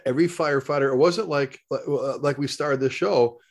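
A man co-hosting a podcast, a fire service instructor who tells stories in an animated way, full of restarts and stumbles. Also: on the high side, brisk, creaky. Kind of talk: casual storytelling chat.

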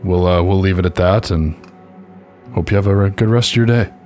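A man's voice: deep voice, a little fast, darkish tone, faint music behind. A man playing in a tabletop game, speaking hesitantly in and out of character. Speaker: player. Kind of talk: casual chat and in-character talk at a tabletop game.

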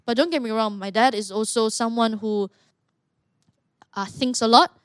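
A young woman from Malaysia, a fighter telling stories as a guest in a casual interview, animated and quick with asides. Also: on the high side, smooth, dry recording, clean studio sound. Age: young adult. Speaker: guest, mixed martial artist.

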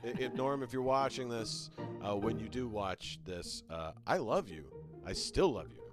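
A man's voice: mid-range voice, expressive, moderate pace, music in the background. A man, a comedian and impressionist, chatting playfully on a podcast as a storyteller. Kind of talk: casual podcast chat.

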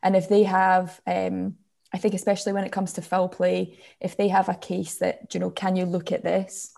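Female referee, heavy vocal fry, mellow tone, measured delivery. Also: mid-range voice, completely flat delivery. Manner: thoughtful, measured, with fillers. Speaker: rugby referee. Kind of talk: casual interview answers.

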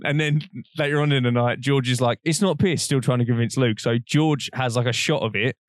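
A man's voice: medium pitch, steady tone, brisk, no echo, studio quality. Young Englishman telling rambling stories. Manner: rambling anecdote-telling, laughing often, swearing. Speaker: podcast co-host. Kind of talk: casual chat.

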